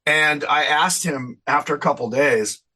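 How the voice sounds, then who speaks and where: A man's voice: on the high side, measured pace, pushed and bright. A man in his fifties, an interview guest, chatting casually with a rambling, self-deprecating manner and frequent laughs.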